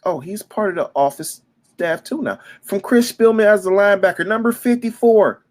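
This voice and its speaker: A Detroit man who used to coach youth football speaks off the cuff as a fan, his voice high and his pace normal. It's an emotional, unscripted monologue where he repeats himself, stumbles over words, and erupts in sudden loud bursts.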